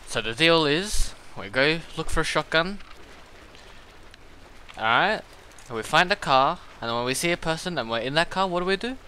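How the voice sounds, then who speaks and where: A young man gaming with friends, excitable and full of swearing and laughter. His voice is bright and slightly high, jumping lively in pitch, with faint noise in the background. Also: moderate pace. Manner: excitable, profane, laughs a lot. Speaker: gamer. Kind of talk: casual chat while gaming.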